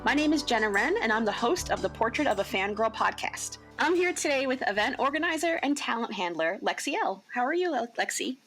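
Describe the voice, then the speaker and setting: A woman hosts a podcast interview, friendly and composed. Her pitch moves with lively, animated swings. Faint music plays behind her. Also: fairly quick, hardly any pauses. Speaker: podcast host. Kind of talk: interview hosting.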